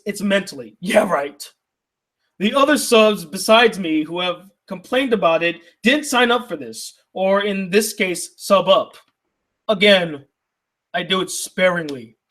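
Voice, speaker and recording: Young male critic, high voice, heated indignant rant with rhetorical questions. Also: a bit bright. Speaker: YouTube critic reading viewer mail. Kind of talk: heated ranting commentary.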